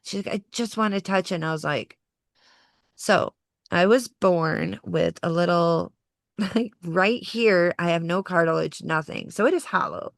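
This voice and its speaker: A woman in her forties telling a personal story as a podcast guest, animated and acting out the voices of others. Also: lowish voice, unhurried, gravelly, dry recording, studio quality. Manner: animated, acts out quoted voices, laughs through the story. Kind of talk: personal storytelling in casual conversation.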